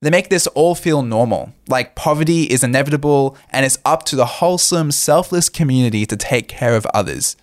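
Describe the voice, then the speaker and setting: A young man giving earnest political commentary in a casual chat, often pausing with "uh". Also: mid-range voice, no echo, studio quality. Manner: earnest, with frequent "uh" fillers. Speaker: co-host.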